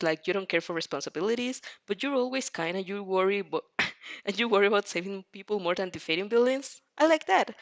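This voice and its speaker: A woman's voice: mid-range voice, lightly acted. A woman voicing a flustered, eager young female fan who gushes and giggles in an audio fanfic reading. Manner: gushing, giggly.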